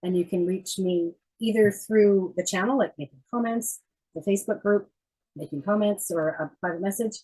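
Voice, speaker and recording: A woman's voice: mid-range voice, moderate pace, mellow, slightly rough, low-quality recording. A woman who teaches dance, a guest telling stories in a casual chat and laughing often.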